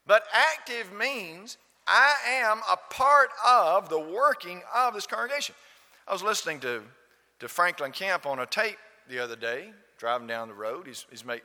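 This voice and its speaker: A man's voice: medium pitch, bright, forceful tone, big-room sound. A man preaching a sermon in a church, emphatic and full of rhetorical questions to the congregation. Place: church building.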